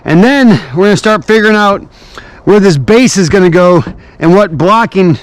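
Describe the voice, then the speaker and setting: A man's voice: sits high, expressive, normal speed. A man hosting a construction vlog outdoors in the cold, chatty and upbeat, a little out of breath as he explains each step. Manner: chatty, upbeat, explains steps while working. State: breathing heavily from cold and climbing. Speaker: builder and channel host. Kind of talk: casual construction vlog narration. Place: outdoors on a cold building site. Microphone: action camera.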